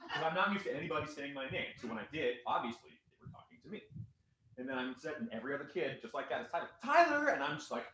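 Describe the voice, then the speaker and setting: A man's voice: medium pitch, rapid-fire, roomy sound, rough recording. A man in his thirties, a podcast co-host telling stories in a casual, joking chat. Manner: animated, joking storyteller.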